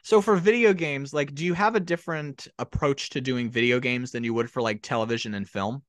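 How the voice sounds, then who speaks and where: A man hosting a podcast interview, eager and quick with short affirmations. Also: mid-range voice, no echo. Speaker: podcast host. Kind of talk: casual interview.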